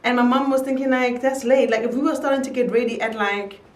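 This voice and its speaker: Doing her makeup on camera, a young woman who is a beauty vlogger tells a story in a casual chat, laughing easily. She speaks on the high side at a quick pace, her voice distant and off-mic in an echoey room.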